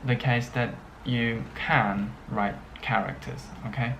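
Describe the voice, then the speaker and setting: Very slow, halting male teacher. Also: mid-range voice, fairly even intonation, a bit bright, dull audio, slight background noise. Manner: slow and halting, with many pauses and fillers; checks in often with "okay". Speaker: Chinese language teacher. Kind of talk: unscripted language lesson.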